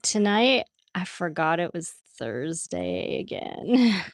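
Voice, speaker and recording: With a fairly low, creaky voice, this art livestreamer is very animated yet slow-paced, and there's no room sound. She draws on stream, talks easily with her audience, and laughs a lot while reading out their comments.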